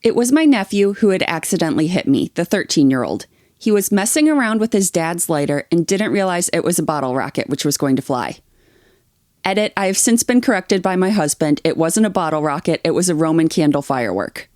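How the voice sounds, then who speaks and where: A woman's voice: on the low side, sing-song, fairly quick, darkish tone, no room sound. Woman reading posts aloud, dry sound. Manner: reads posts aloud, then chats with blunt, swearing opinions. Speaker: podcast co-host reading online posts. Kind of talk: reading aloud and casual chat.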